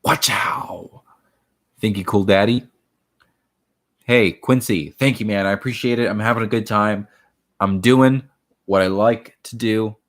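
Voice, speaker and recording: Male, 20s, from Miami; low-ish voice, loose and chatty home-stream host. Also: steady tone, moderate pace, pauses often. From Miami, Florida. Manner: rambling, chatty, greets viewers by name. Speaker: host of a livestream. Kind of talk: casual livestream chat, reading viewer questions.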